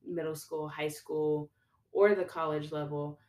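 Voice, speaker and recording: A young woman guesting on a podcast, chatting casually and telling stories in a lively way, acting out what people said with big jumps in her voice. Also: unhurried. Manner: animated storyteller, acts out quotes with pitch jumps. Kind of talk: casual conversation. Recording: echoey room.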